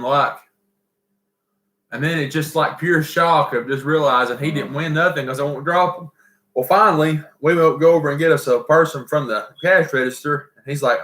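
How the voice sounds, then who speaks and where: A man with a Southern accent speaks at normal speed in a slightly high voice while co-hosting a live stream. He's lively and folksy, laughing often as he chats casually and tells stories, all with a roomy echo.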